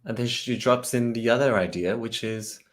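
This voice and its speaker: A man working as a vocal coach, analyzing a singer's technique in a reaction commentary and getting excited as he demonstrates phrases. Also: medium pitch, normal speed.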